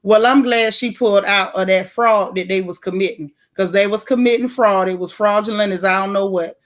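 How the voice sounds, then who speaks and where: A woman from Florida hosts a casual morning livestream and answers her viewers as she goes. She talks in a blunt, animated way, full of slang, and laughs often. Her voice sits at a medium pitch. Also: fairly quick. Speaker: livestream host. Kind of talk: casual livestream chat reading viewer comments.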